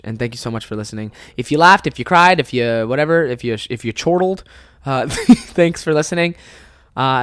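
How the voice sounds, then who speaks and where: Swearing and laughing plenty, a young man hosts his own comedy podcast and tells an animated personal story. His voice is medium-pitched with a clean tone, recorded in clean studio sound without echo.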